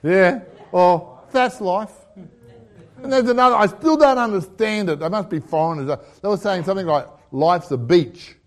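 A high-pitched Australian man delivering a humorous sermon, full of stories and jokes. He is middle-aged, chuckles at his own lines and keeps a chatty, storytelling manner. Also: normal speed. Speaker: pastor.

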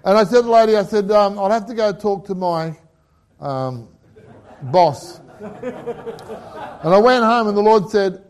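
Animated Australian man telling a testimony. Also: high-pitched. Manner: animated storyteller who acts out dialogue and laughs. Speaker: preacher giving a testimony. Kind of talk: sermon testimony storytelling.

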